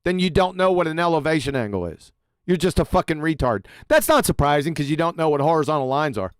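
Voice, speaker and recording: A man hosting a livestream, giving crude, mocking commentary on a clip he plays and shouting in outbursts. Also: on the high side, lively intonation, quick pace, clean tone, no room sound, clean studio sound. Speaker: livestream host.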